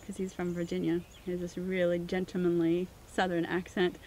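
A woman's voice: fairly low pitch, monotone, fairly quick, darkish tone, slight background noise. A woman from Missouri, a winemaker, telling her story in an interview and acting out the dialogue she quotes. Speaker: winemaker, guest.

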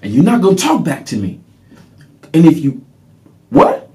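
A man voicing his furious father, who yells profane orders at his son. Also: on the high side, huge pitch swings, normal speed, pitched above the performer's own voice. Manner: yelling, commanding, profane.

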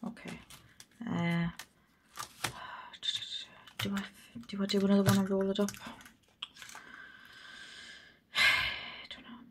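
A woman's voice: medium pitch, level tone, very slow, pauses often, noisy background. A young woman with a Geordie accent, chatting casually and thinking aloud as she sorts cash for her budget. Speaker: budgeting vlogger host. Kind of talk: casual vlog chat while cash stuffing.

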